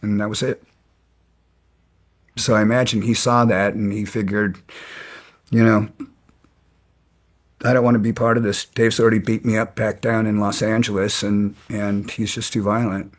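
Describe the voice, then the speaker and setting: A middle-aged man recounting his past in an interview, halting with frequent restarts. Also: lowish voice, little pitch movement. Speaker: guest. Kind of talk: storytelling interview.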